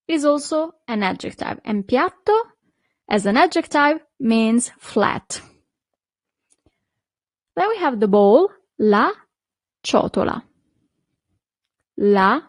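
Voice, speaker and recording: A woman, teaching a beginner language lesson, pronouncing each word slowly and repeating it with brief praise. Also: fairly high pitch, no room sound. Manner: slow, clearly repeated pronunciation with short praise.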